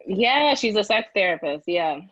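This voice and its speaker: A woman from Connecticut, a podcast host being interviewed, chatting in an animated, playful way with frequent laughs. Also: medium pitch, moderate pace, dull audio. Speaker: podcast host, guest here. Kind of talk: casual interview chat.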